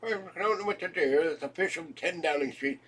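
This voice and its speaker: A man's voice: a little high, fairly quick, fairly bright tone, slightly rough, pitched above the performer's own voice. A man voicing a flustered, pompous British palace spokesman who pleads in a fussy official tone. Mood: pleading.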